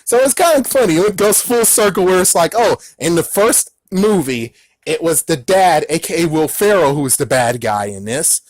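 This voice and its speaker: A man giving a casual movie recap as a reviewer, excitable and rambling, breaking into exclamations as he talks. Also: fairly high pitch, moderate pace, no echo.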